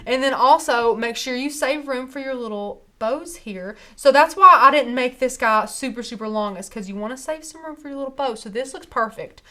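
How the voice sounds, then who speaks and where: A woman's voice: sits high, normal speed, hardly any pauses, bright, forceful tone. A young woman with a Southern US accent, chatting casually and upbeat while demonstrating a craft project on a livestream. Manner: chatty, upbeat, laughs often.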